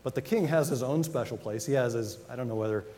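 A man preaching a sermon as pastor, talking conversationally and reading scripture slowly with emphasis. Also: medium pitch, dark tone. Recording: long reverb of a hall, faint noise.

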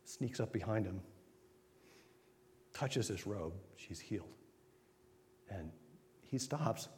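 A man giving an informal sermon, retelling scripture in a conversational way with quick acted asides. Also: on the low side, lively intonation, a little mellow, a little hiss or hum. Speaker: preacher. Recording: long hall reverb.

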